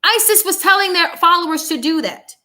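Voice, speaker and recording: A young woman hosts her own show in a heated political monologue. Her voice sits high and bright, and she speaks bluntly, repeating lines for emphasis. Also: animated, a little fast. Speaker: host of a commentary show. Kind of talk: angry political commentary monologue.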